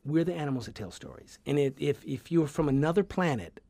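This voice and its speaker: A man with a softened Southern US accent chats as a radio guest, rambling and restarting his sentences. His voice sits a little high. The studio sound is close and dry. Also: fast talker, no room sound. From American South. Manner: rambling, many restarts, animated. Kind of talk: casual radio conversation.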